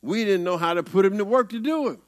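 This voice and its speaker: Lively folksy Southern preacher man. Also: high voice, quick pace. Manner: conversational preaching, rising and falling, folksy. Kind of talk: sermon.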